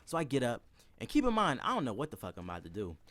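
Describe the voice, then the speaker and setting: A man's voice: medium pitch, wildly swooping pitch, very fast, fairly bright tone. A young man telling a comedic, profane story from his school days, laughing often and acting out other people's voices.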